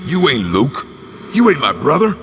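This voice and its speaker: An actor playing a gruff, blunt male antihero in a video game cutscene. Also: mid-range voice, huge pitch swings, normal speed, in a large hall, heavy background noise. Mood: defiant. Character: tough weary male hero, gruff antihero.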